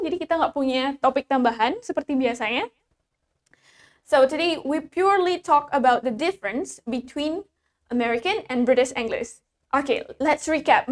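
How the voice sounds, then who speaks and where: High-voiced woman teaching English. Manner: explains each point in English, then repeats it in Indonesian. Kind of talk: bilingual live-stream lesson.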